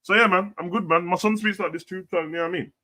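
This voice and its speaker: A man's voice: high voice, fairly even intonation, fast. A man hosting a casual live stream, reading out chat comments in a blunt, profane, heavy way. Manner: blunt, profane, slangy, swings between loud and quiet.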